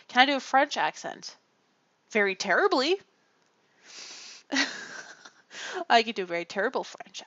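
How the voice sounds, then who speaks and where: A woman's voice: medium pitch, fairly bright tone, no room sound. Chatty woman streamer, muffled dry mic. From Canada. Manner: chatty, rambling, self-deprecating, frequent laughs. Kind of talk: casual livestream chat. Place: home room.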